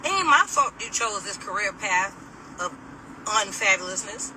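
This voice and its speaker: A middle-aged woman telling a personal story to camera in a casual, animated, sassy way, laughing as she mimics people. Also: mid-range voice, a little slow, far from the mic, noisy background.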